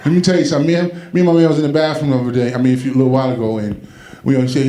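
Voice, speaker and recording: A man's voice: mid-range voice, flat delivery, racing, warm tone, reverberant. A man from Brooklyn, doing a loose, rambling stand-up routine and laughing at his own jokes. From Brooklyn, New York. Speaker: stand-up comedian. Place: comedy event venue.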